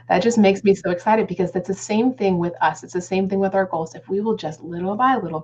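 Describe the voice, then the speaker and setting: Woman, 30s, motivational webinar speaker, enthusiastic, slightly dull lo-fi audio. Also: fairly low pitch. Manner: enthusiastic, addresses viewers as friends and guys. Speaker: guest speaker on goal setting. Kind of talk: upbeat motivational live webinar talk.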